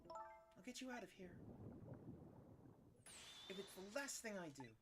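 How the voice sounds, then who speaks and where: An earnest young woman detective, acted by a man reading a game aloud, speaks in a raised, lively voice that rises well above his own. Game music runs behind her. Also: high-pitched, unhurried, voice pushed up. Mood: caring, earnest. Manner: earnest, protective. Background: game background music.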